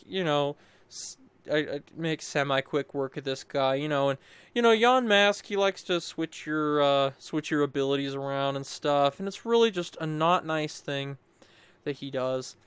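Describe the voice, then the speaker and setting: A young man's rambling commentary over game footage, with a fairly high voice that sounds smooth and clean. He restarts his sentences often as he goes. The room is dead and dry. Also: no echo. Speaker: gameplay commentator. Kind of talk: casual gameplay voice-over commentary.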